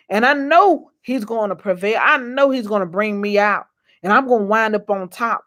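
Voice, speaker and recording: A woman's voice: fairly high pitch, fairly bright tone. A woman vlogger giving a faith-based motivational talk, preachy and repetitive, folksy and calling out to her viewers. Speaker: inspirational vlogger.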